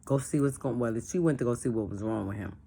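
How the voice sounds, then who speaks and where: A woman's voice: very deep voice, fast, vocal fry, breathy edge. A woman from a church, talking casually and plainly, repeating her points and acting out phone calls as she explains. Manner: animated, acts out phone calls and dialogue. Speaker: church member leading a discussion. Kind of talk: casual chat.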